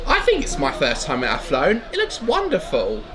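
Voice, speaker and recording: A man's voice: a little high, huge pitch swings, normal speed, over music. A young man player answering interview questions outdoors, earnest and a little formal. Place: outdoors at a rugby ground.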